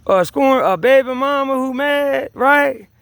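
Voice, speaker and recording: Gravelly, high-voiced man ranting. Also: unhurried, fairly bright tone, no room sound. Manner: agitated, profane, repeats himself, many restarts. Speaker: vlogger. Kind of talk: rambling personal rant to camera.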